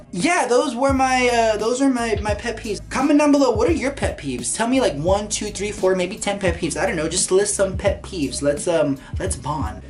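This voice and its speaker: Low-voiced sassy woman vlogging. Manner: animated, sassy, jumping between loud and quiet. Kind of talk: casual chat to camera.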